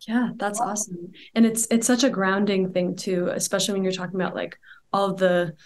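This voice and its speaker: A woman's voice: mid-range voice, steady tone, a little fast. A woman hosting a casual interview, encouraging and affirming, using many fillers. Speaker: podcast host.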